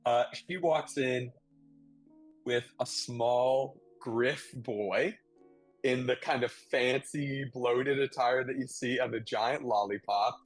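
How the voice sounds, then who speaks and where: A man narrating a tabletop game as game master, halting and thinking aloud. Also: mid-range voice, fairly even intonation, soft background music.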